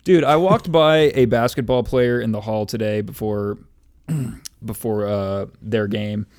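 A man's voice: fairly low pitch, measured pace, darkish tone, smooth. A young man in casual chat, telling stories full of fillers and self-deprecating asides. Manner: rambling storyteller, filler-heavy, self-deprecating.

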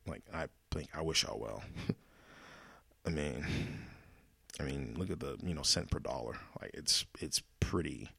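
Gravelly man ranting solo. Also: very deep voice, expressive, unhurried, long pauses, pushed and bright, no echo. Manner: profane, exasperated ranting with many restarts. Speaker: podcast host.

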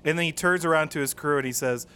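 An enthusiastic man on a casual podcast, recounting favorite movie moments with relish. His voice sits a bit higher than most men's, and he talks in eager, rambling bursts. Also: quick pace, pushed and bright, a little hiss or hum. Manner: enthusiastic, retelling scenes with quoted lines. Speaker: podcast co-host. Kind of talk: casual film discussion.

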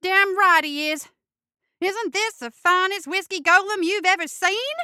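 A woman voicing a gleeful, scheming male creature villain who boasts loudly in crude grammar. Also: extremely high pitch, measured pace, no echo, studio quality, pitched above the performer's own voice, heavily acted. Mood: gleeful, boastful.

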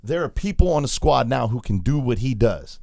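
A man's voice: mid-range voice, fairly quick, creaky, dry recording, studio quality. A man hosting a podcast, telling a story in casual chat and acting out the quotes as he goes. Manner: animated storyteller, acts out quotes. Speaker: podcast host.

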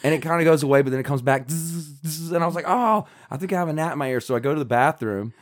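A man's voice: a little high, quick pace. A man casually retelling a funny mishap with his partner, acting out buzzing sounds. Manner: animated, acts out buzzing sounds. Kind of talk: casual storytelling chat.

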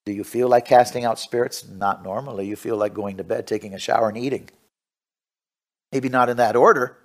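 A male preacher giving a radio sermon and reading scripture aloud, swinging from hushed asides to loud, fervent preaching. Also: medium pitch, fairly even intonation, fairly quick.

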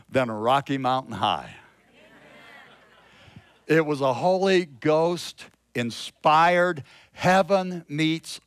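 A man preaching a sermon, slow and emphatic, swinging from loud exclamations to hushed storytelling. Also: fairly high pitch, no room sound. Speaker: pastor.

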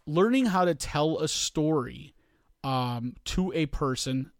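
Man, podcast co-host, casual rambling chat, quoted asides, slightly high voice, dry close mic. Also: animated, takes it slowly, no room sound.

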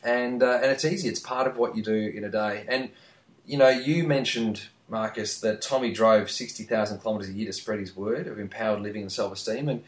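A man's voice: on the low side, fairly even intonation, a little fast, roomy sound. A man, chatting earnestly as a podcast co-host. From Australia. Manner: earnest, emphatic, repeats phrases. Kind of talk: casual podcast chat.

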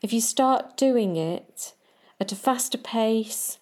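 A woman riding coach giving calm, measured advice straight to the listener in a podcast talk. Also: on the high side.

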